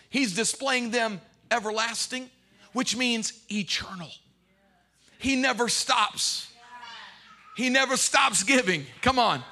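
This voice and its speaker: A man preaching a sermon as bishop at a church service, shouting and singing phrases, calling for responses from the congregation and joking between points. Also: extremely high pitch, takes it slowly, long pauses. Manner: playful joking asides. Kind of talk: sermon with sung refrains. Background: music playing.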